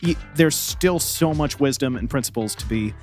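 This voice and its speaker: A man's voice: mid-range voice, lively intonation, moderate pace, a little mellow, faint music behind. A man co-hosting a podcast in friendly, playful casual chat. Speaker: podcast co-host.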